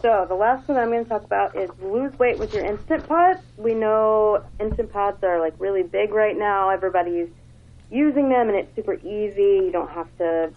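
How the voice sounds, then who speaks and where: A woman's voice: mid-range voice, normal speed. A woman chatting casually and enthusiastically about books on a radio segment, with lots of fillers. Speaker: book recommender on a radio segment. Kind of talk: casual book talk. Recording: phone-like radio audio.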